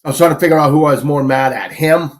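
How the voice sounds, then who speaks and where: A former bouncer guests on a show, telling stories fast in a voice on the high side. His casual delivery rambles, heavy with fillers and swearing.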